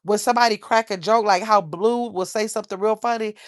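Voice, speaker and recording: A woman's voice: medium pitch, steady tone, a little fast, dry recording, clean studio sound. A middle-aged woman hosting a casual livestream, rambling and reading viewer comments aloud. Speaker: livestream host.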